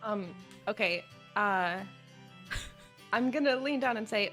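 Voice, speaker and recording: A woman's voice: medium pitch, lively intonation, slow, long pauses, fairly bright tone, faint music behind. A woman playing a tabletop game, hesitant and unsure, with many fillers. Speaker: player. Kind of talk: casual tabletop play.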